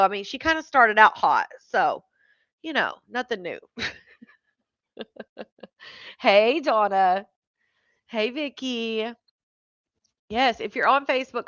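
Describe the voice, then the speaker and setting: A woman with a fairly high voice hosts a casual live stream. She chats easily and greets viewers one by one with frequent laughs. The sound is dry and close, a little dull and lo-fi. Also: sharp tone, no echo. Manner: chatty, greets viewers by name, laughs often.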